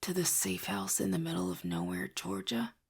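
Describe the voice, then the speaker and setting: A woman voicing a brooding young male mage who mutters in a low, half-whispered way, sardonic and bored. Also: measured pace, vocal fry, darkish tone, husky, heavily acted.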